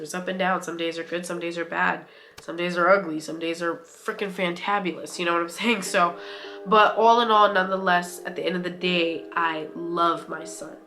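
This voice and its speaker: A young woman vlogger and single mother, talking in a casual, candid and slangy way with lots of fillers. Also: lowish voice. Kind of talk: casual sit-down vlog talk.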